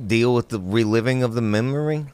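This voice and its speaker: A man's voice: mid-range voice, brisk, a little mellow, smooth, dry recording. A man hosting a podcast, teasing and goading his guest in crude, wry comedic banter. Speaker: podcast host.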